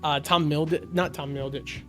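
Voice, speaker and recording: A man with a slightly high voice rambles through a casual podcast chat, full of fillers and false starts. Faint music sits under his voice. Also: fairly even intonation, normal speed, pushed and bright. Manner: rambling, lots of fillers and restarts. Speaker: podcast co-host.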